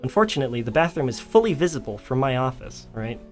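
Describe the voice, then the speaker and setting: Giggly storyteller with a lively voice. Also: male voice, medium pitch, quick pace, soft background music. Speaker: streamer. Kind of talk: casual chat.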